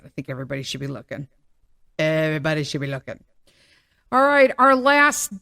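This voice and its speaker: A middle-aged woman hosting a podcast, telling a story in a rambling, animated way full of tangents. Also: medium pitch, no echo, clean studio sound. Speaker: podcast host. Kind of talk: casual storytelling monologue.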